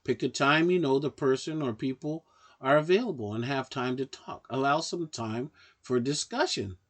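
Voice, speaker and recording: A man in a middle pitch talks the listener through practical steps, one after another. His delivery is calm and measured, with the even pacing of an instructional voice-over. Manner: calm, measured, advising directly. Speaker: narrator of a self-help guide. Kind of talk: instructional narration.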